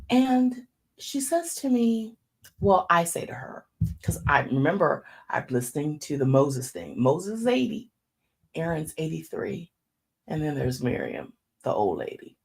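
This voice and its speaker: A woman in her fifties gives an informal sermon in a fairly low, slightly slow voice with vocal fry and a breathy edge. She tells stories in an animated way and calls her listeners y'all.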